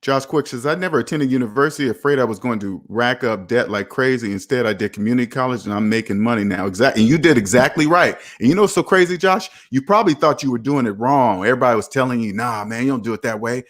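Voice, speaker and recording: Blunt, animated man talking money. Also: medium pitch, fast talker, hardly any pauses. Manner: blunt, animated, acts out quoted people. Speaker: personal finance streamer. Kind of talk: live-stream chat answering viewer comments.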